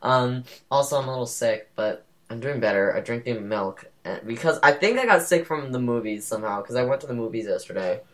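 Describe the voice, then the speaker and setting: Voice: mid-range voice, lively intonation, a little fast, few pauses. Young podcast co-host, rambling and sassy. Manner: rambling, sassy storytelling with many fillers. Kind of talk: casual chat.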